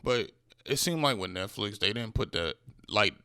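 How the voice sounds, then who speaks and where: A man's voice: lowish voice, expressive, moderate pace, sharp tone, smooth, dry recording, clean studio sound. A man co-hosting a podcast in casual chat about movies and shows, opinionated and emphatic in his asides. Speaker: podcast co-host.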